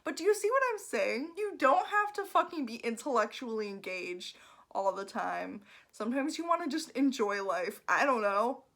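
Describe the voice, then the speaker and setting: A young woman talking casually to camera in a book review vlog, animated and sarcastic, swearing often and breaking into laughter as she rants. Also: on the high side, moderate pace. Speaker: book vlogger.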